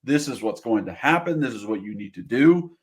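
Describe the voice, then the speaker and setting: A man's voice: mid-range voice, lively intonation, a little fast. A man co-hosting a podcast, making his points emphatically and repeating phrases for stress. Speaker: podcast co-host. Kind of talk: casual sports chat.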